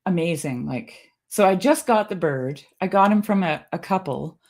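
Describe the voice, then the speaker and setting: Lower-pitched woman telling lively stories. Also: moderate pace. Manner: animated, laughing storyteller who acts out quotes in a varied pitch. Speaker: guest. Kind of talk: casual conversational storytelling.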